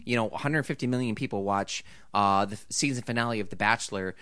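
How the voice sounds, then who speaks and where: A man's voice: on the low side, fast, a bit bright, smooth, dry recording, studio quality. A man in casual chat, blunt and wry, with frequent swearing. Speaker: podcast co-host.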